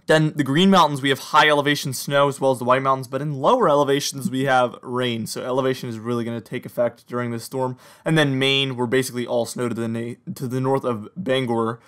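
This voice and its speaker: A man's voice: fast talker, few pauses. A young man with a slight Southern American accent giving a chatty, upbeat weather forecast, walking viewers through radar maps. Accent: slight Southern or Mid-Atlantic American. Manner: upbeat, chatty, talks straight to viewers with lively pitch jumps.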